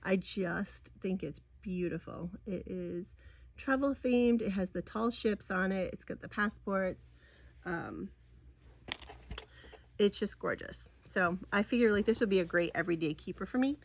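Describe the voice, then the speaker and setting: Speaking a little slowly in a mid-range voice, a middle-aged woman rambles through a chatty cross-stitch show-and-tell, gushing over crafts with plenty of ums and restarts.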